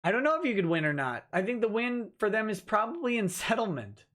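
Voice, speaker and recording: High-voiced man reading chat, dry. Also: very animated, fairly quick, a bit bright. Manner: dry, offhand replies to chat. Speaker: lawyer and livestream host. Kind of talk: casual livestream chat reading viewer comments.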